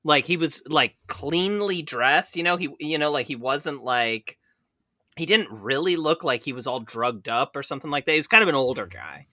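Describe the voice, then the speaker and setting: Bright, dry-voiced man telling a story. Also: on the high side, animated, normal speed, no echo. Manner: rambling, many "like" fillers, laughs while telling. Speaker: podcast co-host. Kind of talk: casual storytelling chat. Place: San Francisco bus commuter.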